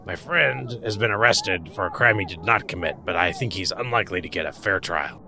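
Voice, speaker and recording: A man's voice: low voice, expressive, a little fast, creaky, sharp tone, a little hiss or hum. A man playing a character in a tabletop role-playing game, with polite, wry in-character narration. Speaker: player.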